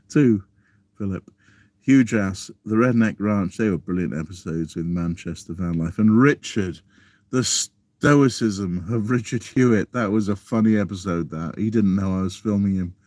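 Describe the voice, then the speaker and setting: A man's voice: low-pitched, moderate pace, a little mellow, dry recording. A man from England, chatting casually on a live stream and reading out viewer comments with self-deprecating chuckles. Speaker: vlogger reading live chat.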